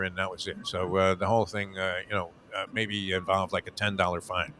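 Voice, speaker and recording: A man's voice: deep voice, fairly quick, a bit bright, faint music behind. Rambling older man telling a story. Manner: rambling, full of fillers and restarts. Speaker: radio show host. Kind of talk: casual storytelling chat.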